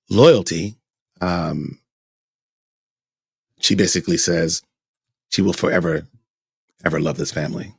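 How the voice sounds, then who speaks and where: A man with a low, husky voice talks in loose podcast commentary. He rambles and leans on repeated words for emphasis. The sound is dry and close, with no room around him. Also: dry recording. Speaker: podcast host. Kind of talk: casual commentary.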